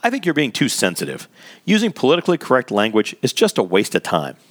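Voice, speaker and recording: A man's voice: medium pitch, wildly swooping pitch, fast talker. A man voicing a blunt, dismissive male coworker who answers curtly and defensively. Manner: curt, defensive, scornful.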